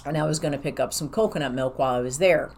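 A woman's voice: sits low, fast talker, a little mellow. A woman talking casually about her own life, rambling and candid. She acts out what she and others said. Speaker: professional who sees clients in an office. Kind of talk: casual personal storytelling.

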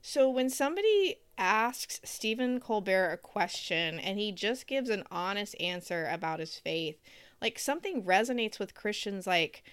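Animated sarcastic woman ranting. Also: medium pitch, normal speed, clear, resonant tone, dry recording. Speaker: podcast co-host. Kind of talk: casual chat.

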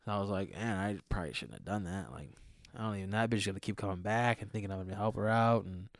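A man telling stories in casual podcast chat, profane and animated, acting out what people said. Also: fairly low pitch, quick pace, no echo, studio quality. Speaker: podcast co-host.

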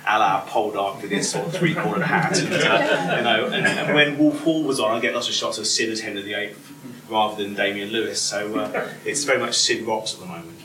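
A man's voice: on the low side, fairly quick, crowd noise. Man hosting a stage interview in a hall. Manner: enthusiastic fan, many fillers and restarts. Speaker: host. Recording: echoey hall, distant mic, audible noise.

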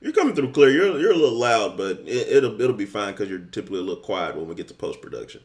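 A young adult man co-hosting a podcast, telling stories in a relaxed, easygoing way. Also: lowish voice, fast. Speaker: podcast co-host. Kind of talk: casual chat.

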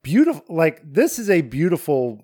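A man with a somewhat high voice chats casually on a podcast, enthusiastic and swearing without a thought. The sound is dry and close, with no room echo. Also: big pitch swings, moderate pace, mellow. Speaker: podcast co-host. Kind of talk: casual chat.

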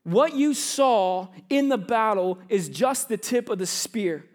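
A man's voice: high-pitched, lively intonation, slow pace. A man in his thirties, a youth pastor preaching a sermon in a conversational, storytelling way. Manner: conversational, storytelling preacher who acts out little scenes; often drops to quiet, hushed tones in anecdotes. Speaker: pastor of students and young adults.

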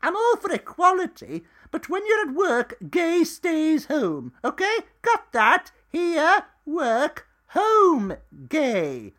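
A woman's voice: high-pitched, wildly swooping pitch, slow, hardly any pauses, a bit bright, heavily acted. A woman voicing a blunt middle-aged hotel boss with a brusque manner. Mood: bossy. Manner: brusque, mild British curses.

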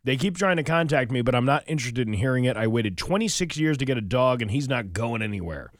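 A man's voice: mid-range voice, lively intonation, fast, no room sound. A man hosting a morning radio show, reading listener posts aloud and chatting about them with a co-host in a studio.

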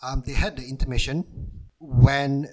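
Brief: male podcast co-host, easygoing, quick to laugh, mid-pitched voice. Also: poor audio. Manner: relaxed, chatty, laughs often. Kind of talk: casual film podcast chat.

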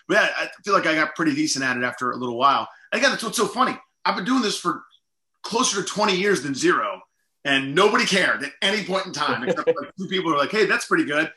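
A middle-aged comedian guest, with a fairly high, bright and forceful voice, tells rambling, self-mocking stories stuffed with "like" and "you know." The casual interview has a reverberant sound.

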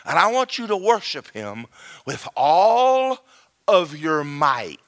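A man voicing a huge wise male lion who gives slow, low commands. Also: big pitch swings, a bit bright, heavily acted. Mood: commanding.

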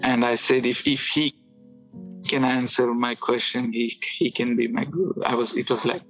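A man's voice: medium pitch, fairly even intonation, fairly bright tone. Guy rambling thru a story, lots of restarts, muffled audio, some music faint underneath. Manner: halting, with restarts and filler words. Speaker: guest telling his conversion story. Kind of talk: casual storytelling.

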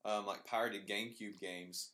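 A man co-hosting a casual podcast, joking with quick asides. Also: fairly low pitch, fairly even intonation, pushed and bright. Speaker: podcast co-host. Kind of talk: casual chat.

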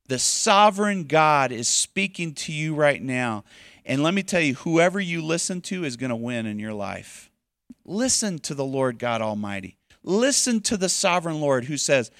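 A man preaching a sermon as pastor, emphatic, swinging between loud urging and quiet softness. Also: mid-range voice, very animated, normal speed, no room sound, studio quality.

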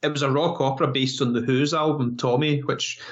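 A man's voice: medium pitch, steady tone, fairly quick. A man co-hosting a podcast, chatting casually about films with many fillers and restarts. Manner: rambling, frequent fillers and restarts. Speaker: podcast co-host. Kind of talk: casual film review chat. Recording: dull lo-fi podcast audio.

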